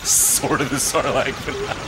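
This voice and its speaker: A man co-hosting a casual gameplay show, talking loudly and profanely, excitable and quick to break into laughter. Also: mid-range voice, noisy background. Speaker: co-host.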